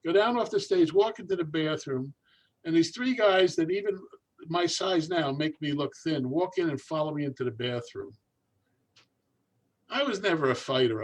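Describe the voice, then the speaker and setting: A man's voice: fairly high pitch, moderate pace, rough recording. An older man, a magician, telling a long story in conversation and acting out the people in it. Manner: animated, acts out voices in his anecdotes. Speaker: guest magician.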